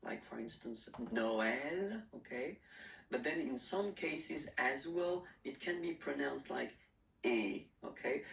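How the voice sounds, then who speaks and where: A man's voice: medium pitch, vocal fry. A man teaching a beginner French lesson, talking patiently and checking in with "okay?" after nearly every phrase. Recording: roomy echo, mic at a distance.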